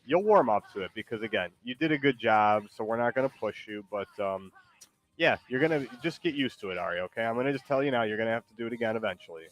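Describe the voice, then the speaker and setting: A man's voice: mid-range voice, expressive, fast. A man hosting a stream in casual chat, loose and teasing, with lots of likes and ums. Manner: loose, rambling, teasing, many fillers. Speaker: streamer host.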